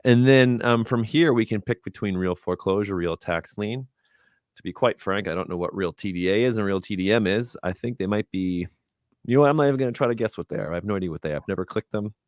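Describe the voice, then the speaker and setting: A man with a very low voice walks viewers through a casual tutorial, thinking aloud as he goes. His talk is chatty and unpolished. The sound is dry and close, with no room echo. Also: fast. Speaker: guest presenter doing a screen-share.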